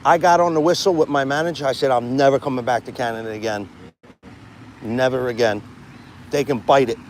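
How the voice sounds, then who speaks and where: A man's voice: medium pitch, steady tone, brisk, slight background noise. Brash, profane man with a New York accent. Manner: brash, profane, rambling street talk. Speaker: vlogger doing a live stream. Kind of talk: casual live-stream chat outdoors. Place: outdoors by a pond near traffic.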